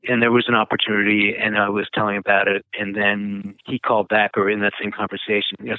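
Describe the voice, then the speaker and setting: This nonprofit founder talks fast with few pauses, his lowish voice delivered flatly. Being interviewed, he rambles through stories with lots of fillers and restarts in a conversational style. It's a dry, tinny phone line, free of room sound.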